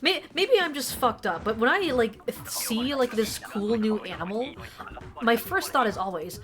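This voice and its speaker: A woman's voice: a little high, lively intonation, moderate pace. A young woman streaming a game, chatting casually in a rambling, profane way full of fillers. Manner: rambling and profane, heavy use of "like". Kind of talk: casual chat while gaming. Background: game music.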